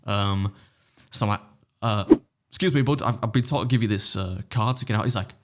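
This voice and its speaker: A man with a fairly low voice tells a story on a podcast. He acts out every exchange himself and keeps breaking into laughter. His swearing is loose and casual. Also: brisk, heavy background noise. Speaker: podcast guest. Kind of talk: casual chat, telling an anecdote.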